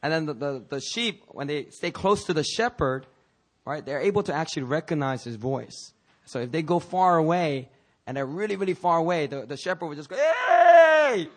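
A man's voice: fairly high pitch, fairly quick. A man preaching a sermon in a loose, conversational way, joking with asides, restarting phrases and coughing now and then. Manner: jokey and informal, frequent restarts and asides. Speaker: pastor.

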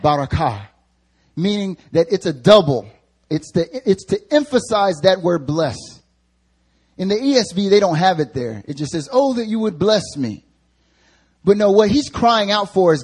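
A man's voice: high-pitched, darkish tone, husky. A young man preaching a sermon at a church service, moving between casual slang-filled storytelling and rising, emphatic preaching.

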